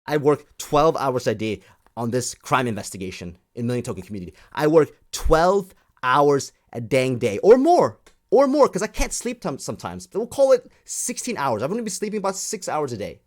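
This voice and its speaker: A man delivering a sarcastic, exasperated rant in a video monologue. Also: fairly high pitch. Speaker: crypto commentator.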